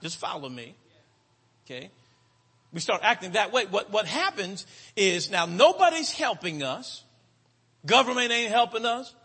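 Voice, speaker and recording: A male preacher delivers his sermon with a bright, animated voice that climbs high and swoops as he stretches out words for emphasis and checks in with the congregation. His tone carries a breathy edge, and a long reverb from a large hall trails behind every line. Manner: rhythmic preaching cadence, drawn-out emphatic words, calls to the congregation.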